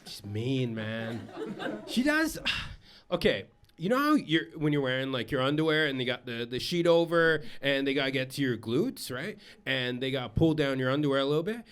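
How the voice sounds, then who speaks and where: This man's voice is medium-pitched, clear and resonant, with a fairly bright, expressive delivery at normal speed. Performing stand-up before a live crowd, he rambles and mocks himself, leaning on lots of filler words, while the stage mic catches the audience laughing.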